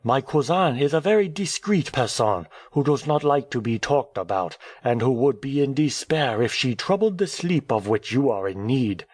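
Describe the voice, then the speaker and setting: A man reading an audiobook, voicing a cheerful, talkative male French journalist who speaks in a brisk, airy, teasing way. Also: medium pitch, animated, darkish tone, no room sound, clean studio sound, voice pushed up, lightly acted. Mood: breezy.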